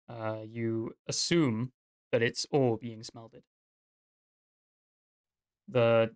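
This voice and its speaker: A man narrating a tabletop game as game master in a relaxed, rambling way, sprinkled with fillers. His voice is smooth and clean, recorded dry and close. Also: mid-range voice, no room sound.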